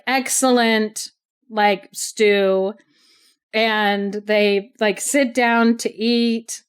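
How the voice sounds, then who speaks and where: Smooth and medium in pitch, this podcast co-host's voice carries a chatty retelling of a story. She says "like" constantly and laughs frequently.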